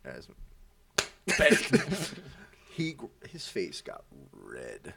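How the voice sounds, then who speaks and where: A young man casually telling animated stories among friends, swearing freely and acting out what people said. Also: lowish voice, slow, gravelly, breathy edge, no room sound, far from the mic.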